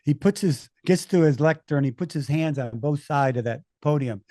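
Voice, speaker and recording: An American man, a race announcer, telling lively anecdotes as a podcast guest, often restarting his sentences. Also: on the high side, normal speed, dry recording, clean studio sound. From United States. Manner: animated anecdotes with many restarts. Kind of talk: storytelling conversation.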